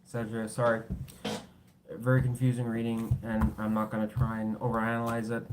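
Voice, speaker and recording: A man's voice: lowish voice, little pitch movement, normal speed, heavy background noise. A man doing a casual tarot reading, blunt and swearing freely, tired, with his voice cracking. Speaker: tarot reader.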